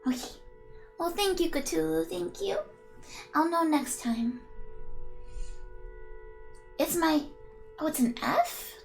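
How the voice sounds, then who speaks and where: High-voiced playful woman streamer. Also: expressive, slow pace, gravelly, pauses often, soft background music. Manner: playful, chatty, giggly, talks to chat. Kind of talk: live game stream, reading game text aloud.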